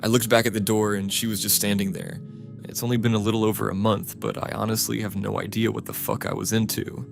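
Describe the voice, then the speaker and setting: A man reading first-person stories aloud as scripted narration, in a steady, flat reading manner. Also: lowish voice, quick pace, gravelly. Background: music.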